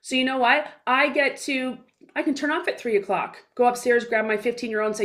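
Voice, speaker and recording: Forties woman on an interview, high bright voice, blunt, emphatic, acts out little convos. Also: fairly even intonation, a little fast. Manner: blunt and emphatic, with mild swearing; acts out little dialogues in her stories. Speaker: guest speaker, business coach. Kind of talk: casual interview talk.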